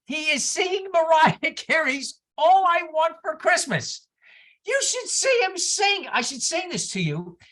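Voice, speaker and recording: A woman minister giving a sermon, telling stories in an animated way with exclamations and asides to the congregation. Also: extremely high pitch, a little slow. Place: church service.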